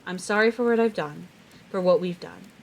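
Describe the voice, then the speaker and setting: A woman with a slightly low voice reads a novel aloud on a live stream. Her reading is steady, broken now and then by short chatty reactions and small stumbles over words. Faint rain patters in the background. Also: moderate pace, vocal fry, slight background noise. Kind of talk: live read-aloud with asides.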